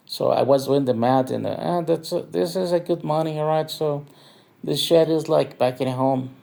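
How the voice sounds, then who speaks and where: A man's voice: fairly high pitch, moderate pace, creaky, mellow. A tipsy man from northern Mexico, rambling through a profane, filler-heavy nightlife story. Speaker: nightlife vlogger. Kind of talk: rambling drunk review monologue.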